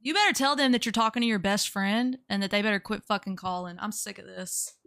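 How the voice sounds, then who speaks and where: A woman's voice: mid-range voice, fairly quick, vocal fry, fairly bright tone. A woman chiming in on a livestream with blunt, teasing remarks.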